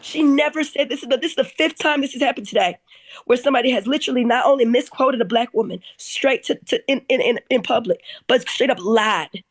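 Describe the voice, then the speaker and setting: Woman, live-stream guest: high voice, angry and stumbling, close and dry. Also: no echo. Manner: angry, rapid, stumbling restarts. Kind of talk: heated live-stream talk.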